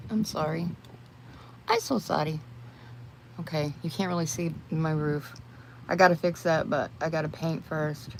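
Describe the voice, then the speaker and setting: An older woman, chatting casually with viewers on a livestream while she does her makeup, rambling and calling them y'all. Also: lowish voice. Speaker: livestream host. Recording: noisy home livestream.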